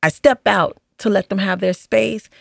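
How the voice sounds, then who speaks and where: A woman, a former hospice nurse, telling stories from her work in a casual interview, acting out what people said with lively jumps in her voice. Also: normal speed, vocal fry, no echo, studio quality. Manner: animated, acts out quoted dialogue with big pitch jumps.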